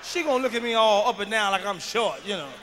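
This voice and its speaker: A man performing a profane stand-up comedy routine, shouting and ranting through his stories. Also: high voice, lively intonation, quick pace. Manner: profane, shouting, fired-up storytelling. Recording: live hall reverb, faint background noise.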